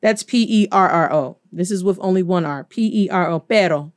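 A woman from the United States, a teacher giving an animated language lesson, playful and slowly spelling words out letter by letter. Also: lowish voice, clear, resonant tone. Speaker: Spanish teacher.

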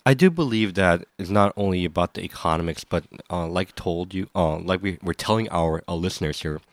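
Low voiced guy on a podcast, measured and thoughtful, dry sound. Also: dry recording. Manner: measured, thoughtful, some repeated words. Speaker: podcast co-host. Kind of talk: casual podcast chat.

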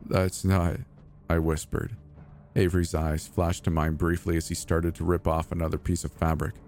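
A man narrating a scripted horror story in the first person with a measured, deliberate delivery. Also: low voice, little pitch movement, a little mellow, soft background music.

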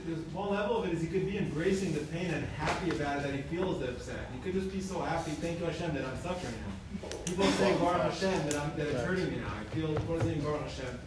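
A man's voice: a little high, fast. A man, a rabbi, earnestly explaining a point in a class discussion. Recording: echoey room from far off, crowd.

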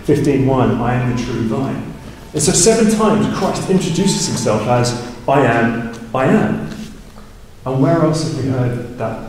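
A man with a mellow, warm voice preaches a sermon, explaining scripture conversationally and checking in with "right?". He is picked up from a distance in a big church hall with a long, roomy echo, and faint ambience sits behind him. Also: a little hiss or hum. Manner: rises in pitch and volume for emphasis. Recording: far from the mic in a big echoey hall.

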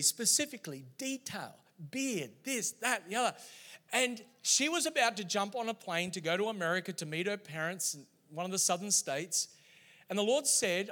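High, bright-voiced preacher. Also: male voice, normal speed. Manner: animated storytelling preacher. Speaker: pastor. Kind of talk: sermon.

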